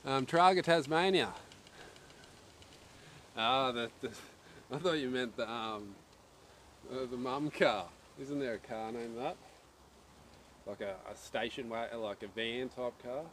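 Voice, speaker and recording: A man's voice: medium pitch, slow, long pauses, fairly bright tone. A man hosting a casual archery live stream outdoors, chatting, joking and reading viewer messages aloud. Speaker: archery livestream host. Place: outdoors at an archery range in wind. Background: wind noise.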